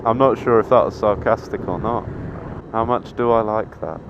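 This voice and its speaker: Outdoors in town traffic, a nineteen-year-old motovlogger talks to the camera from his motorbike at normal speed, his voice on the low side. His commentary is casual and full of swearing, self-mockery and sudden excited yelps. A helmet-mounted action camera records it, giving dull lo-fi sound with heavy wind, traffic and engine noise.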